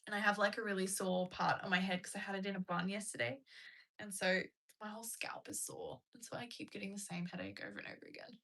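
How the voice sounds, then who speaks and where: Young woman livestream host, gravelly edge, bright tone, chatty, answers comments. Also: medium pitch, expressive, quick pace. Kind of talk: casual live-stream chat. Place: at home.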